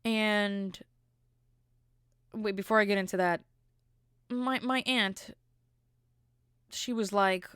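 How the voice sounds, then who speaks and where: A woman's voice: medium pitch, takes it slowly, pauses often, a bit bright, clean tone, no room sound. A woman with a mid-range voice rambles through a comic rant as a podcast host, tripping over fillers and restarts. Her delivery is exasperated and chatty, recorded dry and close. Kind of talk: casual comedic chat.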